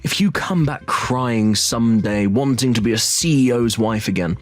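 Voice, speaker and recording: A man's voice: medium pitch, lively intonation, normal speed, natural voice. A man playing a smug cheating ex-husband. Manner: smug, mocking, chuckling. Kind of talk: dramatized story voice acting.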